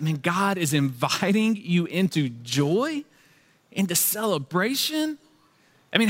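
A male pastor preaching a sermon in a conversational, animated way, with playful slang asides. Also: fairly high pitch, big-room sound.

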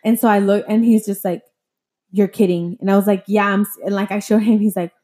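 A young woman tells a personal story in a loose, rambling way, full of fillers and casual swearing. Her voice sits in an ordinary middle pitch. The talk is relaxed chat between friends. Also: brisk.

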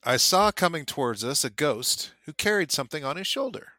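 Bright-voiced man reading aloud. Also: a little high, lively intonation, fairly quick, no echo, studio quality. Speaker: podcast co-host. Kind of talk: casual book discussion with reading aloud.

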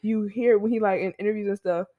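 A woman's voice: mid-range voice, steady tone, quick pace, phone-quality sound. A woman from the United States co-hosting a podcast, chatting playfully with giggles and mimicking accents. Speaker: podcast co-host. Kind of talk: casual chat.

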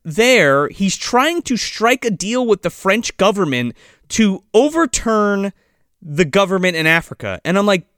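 Guy rambling thru a movie plot, cussing constantly, high voice, dead dry sound. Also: sing-song, measured pace, fairly bright tone, no echo. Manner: rambling, heavy swearing, lots of fillers. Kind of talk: casual chat recapping a film.

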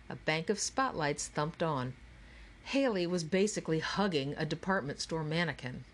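A woman narrating an audiobook with clear, steady storytelling. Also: low-pitched, moderate pace. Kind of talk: scripted narration.

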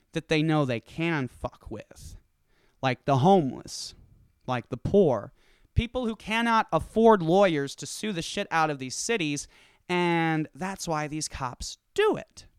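Profane, animated man ranting. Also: fairly high pitch, unhurried, clean tone, no room sound, clean studio sound. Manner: profane, animated storytelling with acted-out quotes. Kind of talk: casual ranting monologue.

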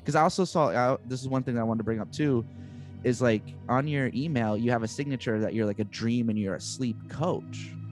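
A man's voice: medium pitch, brisk, faint music behind. A man hosting a podcast, asking eager, chatty questions in a casual interview. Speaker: podcast host.

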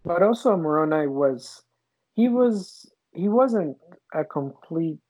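A co-host in a casual scripture discussion, talking in an animated way and retelling stories as dialogue. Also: mid-range voice, takes it slowly, rough recording.

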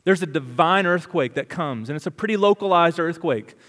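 A male pastor delivering a dramatic sermon, full of rhetorical questions, swinging between loud urgency and hushed intensity. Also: fairly high pitch, animated, brisk, big-room sound.

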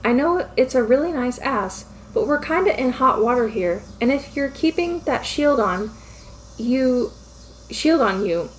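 Goofy, chattering young male archer voiced by a woman in a fan fiction reading; huffy and teasing, fairly high voice. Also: a little hiss or hum.

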